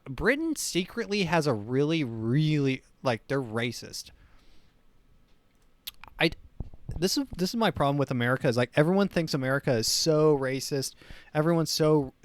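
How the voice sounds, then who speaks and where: A man's voice: a little high, no room sound. A man hosting a casual solo talk show, rambling with many restarts. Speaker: host.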